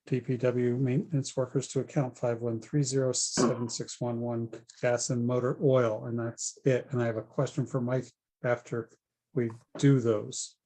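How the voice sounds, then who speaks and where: A man's voice: mid-range voice, little pitch movement, moderate pace, mellow. A man chairing a town council meeting, calling votes in an informal way with many fillers and small jokes.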